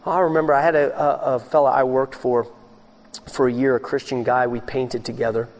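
A man preaching a sermon as pastor, swinging between loud, raised passages and hushed, low ones. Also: level tone, a little fast.

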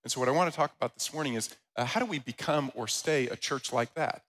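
A man preaching a Sunday sermon as the church's pastor. He tells stories in a lively way and reads scripture aloud. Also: medium pitch, quick pace, low-quality recording. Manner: animated storytelling with loud, rising quoted voices.

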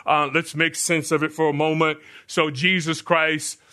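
Bright-voiced man preaching a sermon. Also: a little high, flat delivery, measured pace. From United States. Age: older. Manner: rhetorical questions to the congregation. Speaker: pastor.

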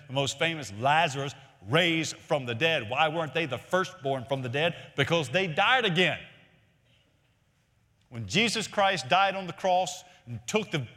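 A man preaching a sermon as senior pastor, emphatic, repeating key phrases and climbing higher to stress his points. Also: sharp tone. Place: large church sanctuary. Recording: long hall reverb from a church.

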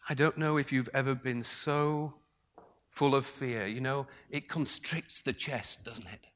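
A man delivers a sermon at a slow, deliberate pace. His voice is bright and forceful, and it swings from raised, emphatic lines to hushed, breathy near-whispers. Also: medium pitch, fairly even intonation. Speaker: preacher.

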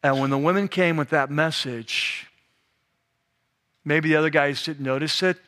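A man preaching a sermon as a pastor, telling the story in a casual, animated way that drops to a hush for the serious moments. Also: on the high side, moderate pace, pauses often. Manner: conversational, animated storytelling with sudden hushed drops.

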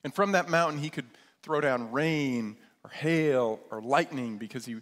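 A pastor preaching a sermon, retelling scripture as a lively story in casual modern terms. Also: male voice, medium pitch, moderate pace, long reverb tail.

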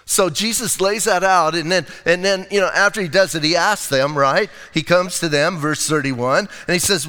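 A man preaching a sermon as pastor, in a casual, lively way with slang asides. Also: a little high, normal speed, in a large hall.

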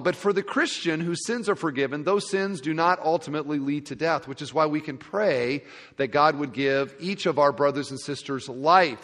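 A male pastor preaching a sermon to a congregation, expressive, dropping to quiet asides and rising to loud emphasis. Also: on the high side. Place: large church sanctuary. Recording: long reverb of a large hall.

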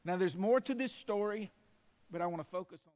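A man pastor preaching a sermon, fervent and building to emphatic, loud declarations. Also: sits high, a little fast. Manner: fervent, rising to emphatic shouts.

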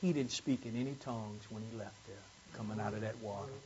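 A man's voice: fairly low pitch, a little fast, lo-fi sound, crowd noise. A man preaching a Sunday morning sermon, repeating phrases for emphasis and swelling into fervent peaks. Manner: call-and-response preaching, rising to fervent peaks. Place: church service.

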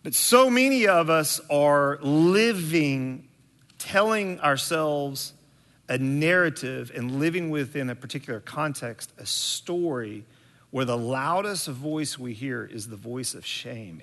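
A man delivers a sermon at an unhurried, deliberate pace, pausing often and filling gaps with small hesitations. His voice sits a little high and sounds bright and forward. The recording has the long reverb of a large hall. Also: lively intonation. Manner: slow, deliberate storytelling with frequent fillers. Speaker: preacher.

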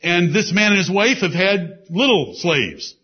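A man preaching a sermon with emphasis. He repeats key phrases and drops into low asides. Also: sing-song, unhurried, husky. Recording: dull lo-fi sermon recording.

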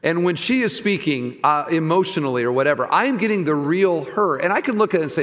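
A middle-aged man preaching a sermon as pastor, conversational, swinging from soft asides to loud emphasis. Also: fairly high pitch, expressive, fast talker, few pauses, in a large hall. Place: church sanctuary.

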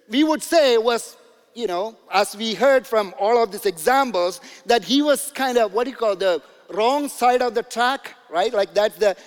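A man's voice: sits high, long reverb tail. A man preaching a sermon as pastor, in a loose, conversational storytelling manner with many fillers and asides.

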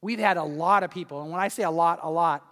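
A man preaching a sermon, telling a story and swinging between loud and hushed delivery. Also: on the high side, quick pace, big-room sound. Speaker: pastor. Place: church hall.

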